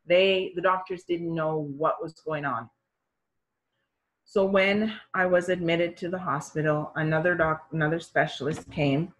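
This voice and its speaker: A woman's voice: low voice, unhurried, lo-fi sound. A middle-aged woman telling her own health story in a conversational way, acting out the voices of the people in it. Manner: animated, acts out quoted voices of doctors and parents. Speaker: storyteller sharing her experience.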